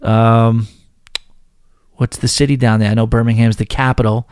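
A man's voice: medium pitch, flat delivery, moderate pace, a little mellow, clean tone, no room sound, clean studio sound. Chatty man with a Northern New York accent. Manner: chatty, self-deprecating, interrupts emails with asides. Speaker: podcast host. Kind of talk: casual podcast chat reading listener emails.

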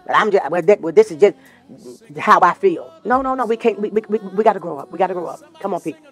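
A minister of the gospel preaches a sermon in an informal voice, telling personal stories, repeating phrases for emphasis and sometimes breaking into sung lines. His voice sits high, fast and a bit bright, with a breathy edge, and faint music plays behind him.

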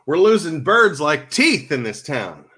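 A man tells animated stories in a casual comedic chat. His voice is bright and jumps widely in pitch. He talks like a podcast co-host. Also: a little slow, breathy edge. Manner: animated storytelling with laughs.

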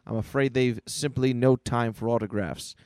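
A man's voice: mid-range voice, steady tone, moderate pace, a little mellow, clear, resonant tone, no echo, clean studio sound, lightly acted. A man voicing a formal, stiffly polite male butler.

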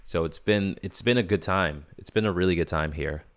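A man with a very deep, low voice talks through a casual solo podcast update. He rambles and restarts often, speaking candidly into a dry, close mic with no room sound. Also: a little fast, no room sound. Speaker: podcast host.

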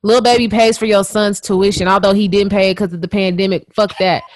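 A woman's voice: medium pitch, fairly even intonation, brisk, no echo. A woman co-host venting in blunt, exasperated terms, with swearing all through her talk. Her voice sits in a middle range. The sound is dry and close. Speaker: podcast co-host. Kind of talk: casual gossip chat.

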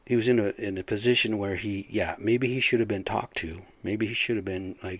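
A man's voice: lowish voice, fairly even intonation, fairly quick, hardly any pauses, no echo. A middle-aged man ranting casually, angry and profane, rambling with lots of fillers. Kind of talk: casual rant.

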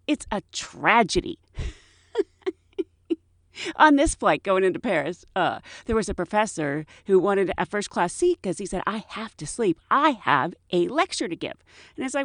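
Animated woman telling flight-attendant stories. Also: moderate pace, dry recording, clean studio sound. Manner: animated, mimics passengers in high bursts. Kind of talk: casual storytelling.

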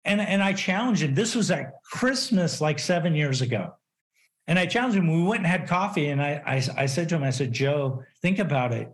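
A man's voice: fairly high pitch, brisk. A middle-aged man telling business stories as a podcast guest, acting out quotes with lots of restarts. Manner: animated storyteller, acts out quotes, frequent restarts. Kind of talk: casual interview storytelling.

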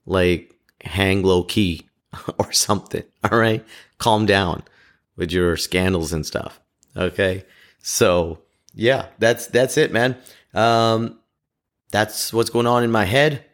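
A man talking casually in a rambling monologue, halting with frequent restarts and laughing at himself. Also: on the low side.

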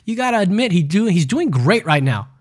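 A man's voice: high voice, very animated, fairly quick. A man putting on an impression of a boastful older male politician, repeating superlatives.

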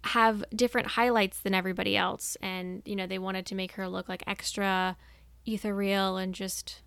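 A woman's voice: medium pitch, little pitch movement, normal speed, vocal fry, fairly bright tone, clean tone, dry recording. A woman co-hosting a podcast, chatting in a rambling, enthusiastic way. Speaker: podcast co-host. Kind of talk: casual chat.

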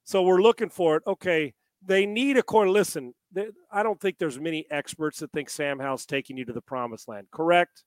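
A man's voice: a little high, fairly quick, no echo. A man co-hosting a casual sports talk show, rambling and firing off rhetorical questions.

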